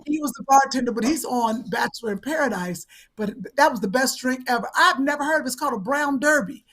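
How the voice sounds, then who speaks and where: A woman hosting a comedy talk show, telling stories in a rambling, animated way. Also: high-pitched, fast. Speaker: show host. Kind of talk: casual comedic chat.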